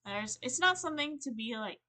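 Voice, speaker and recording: A young woman on a livestream, venting in a rambling, halting, earnest way, full of fillers and restarts. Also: sits high, animated, bright, forceful tone. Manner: earnest and emotional. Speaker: streamer.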